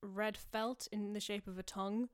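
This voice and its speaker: A woman's voice: medium pitch, fairly even intonation, normal speed, smooth. A young woman hosting a podcast, rambling casually through a made-up story, full of fillers and self-amused asides. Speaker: podcast host.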